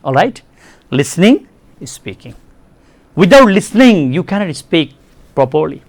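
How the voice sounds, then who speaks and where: A man's voice: a little high, big pitch swings, a little slow, no room sound. A man with a Nepali accent giving a televised English lesson, repeating key words and addressing his dear students. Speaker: English teacher. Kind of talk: classroom lecture on television.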